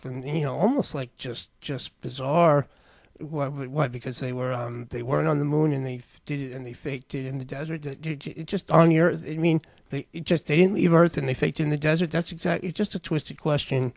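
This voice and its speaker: A man's voice: a little high, fairly even intonation, a little fast, vocal fry, darkish tone, no room sound. A man hosting a casual commentary on clips, rambling and restarting his sentences. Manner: rambling, with many restarts and fillers. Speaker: host.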